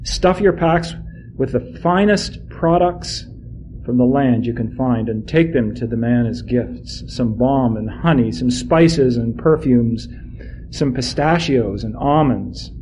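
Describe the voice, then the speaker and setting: A man's voice: mid-range voice, animated, noisy background. A man reading as a grieving old father. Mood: resigned. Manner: quiet, slow and heavy. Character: grieving aged father, weary and bitter.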